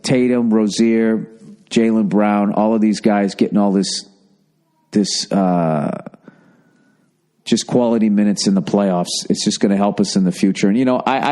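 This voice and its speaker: A man's voice: fairly low pitch, warm tone. A man, hosting a podcast in a casual, profane, self-mocking rambling monologue. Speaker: podcast host.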